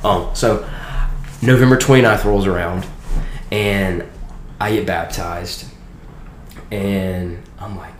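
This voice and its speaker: Young male podcast guest, low voice, roomy echo, lively testimony. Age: young adult. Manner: animated, quick storytelling with acted quotes. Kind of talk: personal testimony storytelling. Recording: roomy room echo with faint noise.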